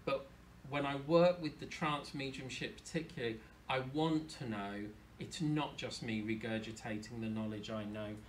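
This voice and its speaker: A man, a medium talking casually to an audience, chatty and animated. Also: mid-range voice, normal speed, a little hiss or hum. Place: hall with an audience.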